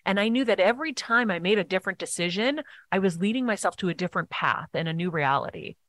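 A woman's voice: mid-range voice, animated, fast talker, fairly bright tone, dry recording. A woman speaking as a podcast guest, telling stories earnestly and acting out what others said. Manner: earnest, storytelling, acts out quotes. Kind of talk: casual interview talk.

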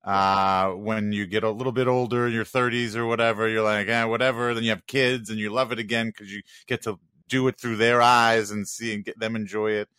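A man, co-hosting a podcast in casual chat and telling lively stories. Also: on the low side, a little fast, smooth, dry recording, studio quality. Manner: animated storyteller who mimics crowd chants. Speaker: podcast co-host.

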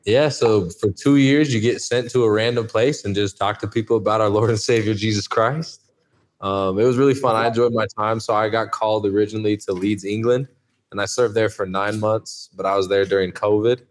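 A man in his twenties, a podcast guest, chatting in a relaxed way and often saying "like". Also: fairly low pitch, fairly quick. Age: 20s. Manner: relaxed, lots of "like" fillers. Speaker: podcast guest, college athlete. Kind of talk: casual interview chat.

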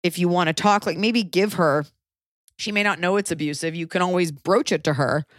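A woman's voice: lowish voice, fairly quick, no echo, studio quality. A woman in her thirties, co-hosting an advice podcast, talking bluntly and emphatically in casual chat and swearing freely. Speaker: podcast co-host giving advice.

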